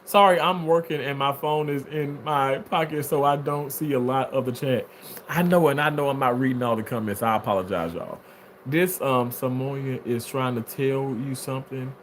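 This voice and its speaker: A man's voice: medium pitch, normal speed, slight background noise. A man talking casually on a livestream, reading viewer comments aloud and answering them in a playful way with frequent laughter. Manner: animated, playful, laughs often.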